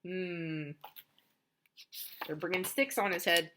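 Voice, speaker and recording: A woman reading a picture book aloud to children, explaining the story in an animated way. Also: fairly low pitch, moderate pace.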